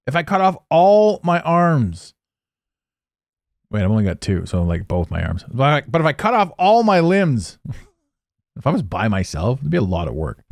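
A man's voice: on the low side, a little mellow, dry recording, clean studio sound. A man hosting a solo podcast, rambling casually, swearing now and then and laughing at his own jokes. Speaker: podcast host.

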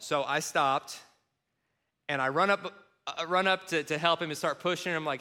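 A man's voice: fairly high pitch, fairly quick. A middle-aged man from Kentucky preaching a sermon, mixing funny personal stories with scripture. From Kentucky, USA. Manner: animated, self-mocking humor with quoted voices. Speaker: pastor. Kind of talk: sermon with storytelling.

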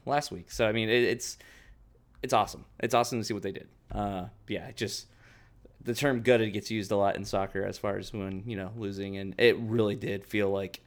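A man co-hosting a sports podcast in a low voice, talking earnestly and conversationally. He stumbles and restarts now and then, but keeps a steady, sincere flow. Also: fairly quick. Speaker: podcast co-host. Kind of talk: casual chat.

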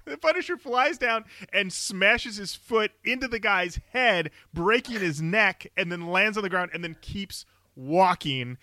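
A man co-hosting a podcast, retelling movie scenes in an animated way and laughing often. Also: high-pitched, measured pace, no room sound. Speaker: podcast co-host. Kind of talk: casual chat.

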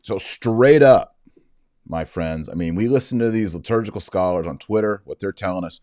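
A man's voice: low-pitched, normal speed, dark tone, no echo, studio quality. A man from Texas, hosting a casual show and commenting on video clips in a chatty, joking way. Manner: chatty, joking, with fillers and asides. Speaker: host.

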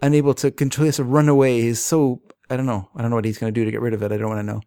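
A man in casual chat, retelling a comic's plot in a relaxed storytelling way with fillers. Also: medium pitch, rapid-fire, smooth. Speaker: podcast co-host.

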